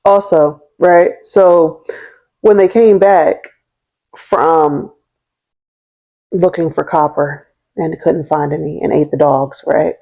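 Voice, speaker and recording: Her voice sits low and dark, steady in tone, slow, with long pauses, and the sound is lo-fi. This young history vlogger tells her story in a chatty, slangy style, laughing along and regularly checking in with "right?" and "okay?".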